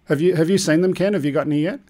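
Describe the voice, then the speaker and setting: A man's voice: on the high side, very fast, darkish tone. A man hosting a live drone stream, chatting loosely and joking while he runs the controls. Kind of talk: casual live-stream chat.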